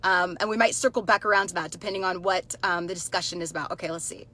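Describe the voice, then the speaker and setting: A woman's voice: on the low side, steady tone, fast, pushed and bright. A woman in her thirties coaching live and talking straight to her viewers in a chatty, upbeat way. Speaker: life coach hosting a live stream. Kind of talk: casual live-stream coaching talk.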